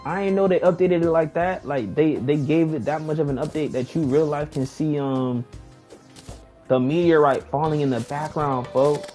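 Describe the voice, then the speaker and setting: A young man casually telling a long story while playing a game, slangy and animated, his voice jumping high when he gets excited. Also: normal speed, soft background music. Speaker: gaming vlogger.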